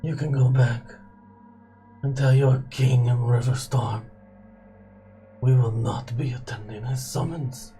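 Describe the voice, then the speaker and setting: A merciless male warlord, driven by vengeance, hands out cold, menacing threats, as a man puts him on in a tabletop game. His delivery is slow and deliberate, and he sits a little back from the mic. Soft music plays underneath. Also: mid-range voice, steady tone, natural voice.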